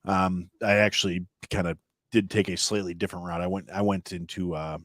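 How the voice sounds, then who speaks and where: A man's voice: low voice, level tone, fairly quick, dry recording, clean studio sound. A man from Illinois, a chef guest on a podcast, telling stories in casual chat and acting out quoted lines. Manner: storytelling, acts out loud quotes.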